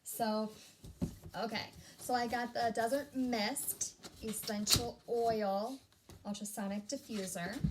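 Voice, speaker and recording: An excitable woman chatting through an unboxing at home, gushing as she goes and cutting herself off mid-thought. Her voice sits a little high and her talk runs slow and drawn out. Steady noise hangs behind her on a home recording. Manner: gushing, easily excited, self-interrupting. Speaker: vlogger. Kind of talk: casual unboxing chat. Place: home room.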